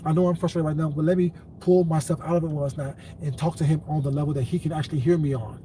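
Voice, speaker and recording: A man on a live stream addresses his viewers in a long, blunt lecture that tips into cursing. His voice sits a little high. He is a little away from the microphone, with faint room noise behind him. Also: steady tone, fast talker, mellow. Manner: lecturing, then cursing angrily. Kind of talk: live-stream rant to chat. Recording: distant mic, faint ambient noise.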